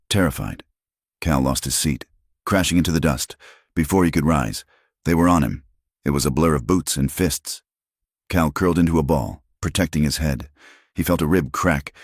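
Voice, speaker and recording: A man narrating a western audiobook in a measured, even storytelling manner. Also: rumbling low, no echo, studio quality.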